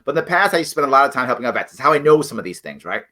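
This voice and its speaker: A man's voice: mid-range voice, very animated, racing, bright, forceful tone. A middle-aged man hosting a livestream political commentary show, talking bluntly and emphatically straight to his viewers.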